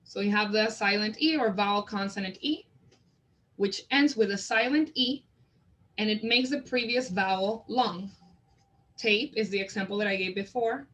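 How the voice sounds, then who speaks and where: A woman training teachers in a literacy method, explaining it and sounding out example words slowly and deliberately. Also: medium pitch, fairly bright tone, rough recording. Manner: slow, deliberate word modeling. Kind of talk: instructional demonstration.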